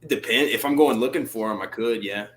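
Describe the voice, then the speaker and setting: A young man from Louisiana joins a video call as a guest fighter for a casual interview chat. His medium-pitched voice is brisk, and his manner is laid-back and easygoing.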